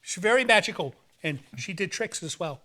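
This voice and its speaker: A man's voice: sits high, lively intonation, a little fast, pushed and bright. A man hosting a horror movie show, rambling and joking in playful banter. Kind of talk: playful, campy hosting chat.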